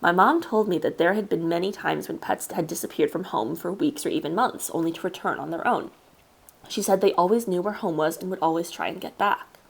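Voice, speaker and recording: A woman streamer reading a story aloud live, in a measured storytelling manner with casual asides. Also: on the low side, gravelly. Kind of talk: live read-aloud narration.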